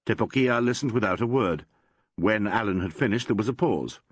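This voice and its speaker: A man reads a classic mystery novel aloud in a measured, storytelling manner. His voice is husky and on the low side, with a lively rise and fall. The recording is dry and close. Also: no room sound, lo-fi sound. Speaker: audiobook narrator. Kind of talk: audiobook narration.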